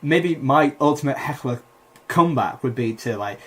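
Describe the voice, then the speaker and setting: A man's voice: mid-range voice, lively intonation, normal speed. A young man, a comedian and podcast co-host, telling a rambling story with lots of fillers and laughter in casual chat.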